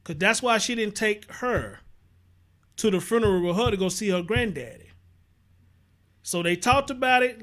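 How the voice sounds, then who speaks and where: A man's voice: high voice, normal speed, pauses often, fairly bright tone. A man with a Houston accent hosting a livestream, talking bluntly and profanely, repeating himself and greeting viewers as he reads their comments. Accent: Southern US, Houston. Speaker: livestream host.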